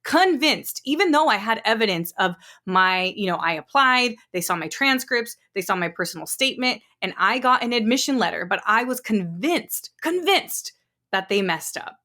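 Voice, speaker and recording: A woman in her thirties hosts her own podcast and tells stories from her life. Her voice sits at an ordinary middle pitch. She talks in a candid, encouraging way, loose and chatty, with plenty of casual fillers. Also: animated, moderate pace, sharp tone. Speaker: podcast host. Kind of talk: personal storytelling.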